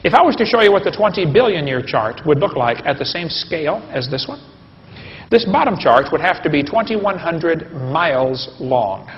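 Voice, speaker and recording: A man's voice: fairly high pitch, big pitch swings, moderate pace. A man giving a humorous live lecture, folksy and joking, and asking the audience questions. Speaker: creation science lecturer. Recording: dull lo-fi recording with long hall reverb.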